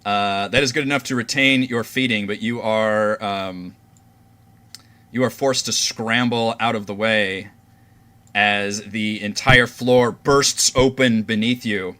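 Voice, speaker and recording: Slow, bright-voiced man running the game. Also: mid-range voice, fairly even intonation. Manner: slow, deliberate descriptive narration. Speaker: game master. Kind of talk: narrating a tabletop game.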